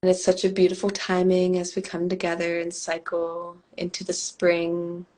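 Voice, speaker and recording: A woman with a hoarse, scratchy voice, co-hosting a live stream and guiding a calm meditation. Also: lowish voice. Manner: slow, calm guiding cadence. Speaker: co-host and meditation guide. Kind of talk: guided meditation and casual chat. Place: home, on a live video stream.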